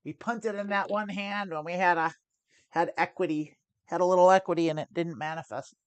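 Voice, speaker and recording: A woman's voice: lowish voice, steady tone, fairly quick, no echo. A woman hosting a live poker stream, chatting through each decision and often restarting her phrases as she thinks aloud. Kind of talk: live poker play-and-explain commentary.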